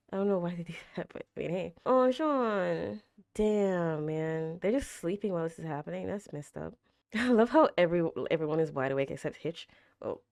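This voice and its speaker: A young woman hosts an anime reaction, chatting casually in a fairly low voice with a tired, slightly raspy throat. She's animated, gasping and exclaiming loudly and filling her talk with fillers. The studio-quality recording has no room sound.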